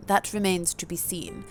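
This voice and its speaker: A woman voicing a commanding female vampire ruler, speaking in a slow, measured, regal way. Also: medium pitch, gravelly, faint music behind. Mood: stern.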